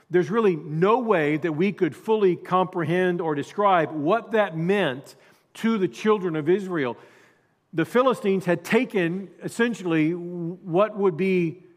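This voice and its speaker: A male pastor preaching a sermon, dropping to quiet asides and then rising to loud emphasis. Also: on the high side, long reverb tail.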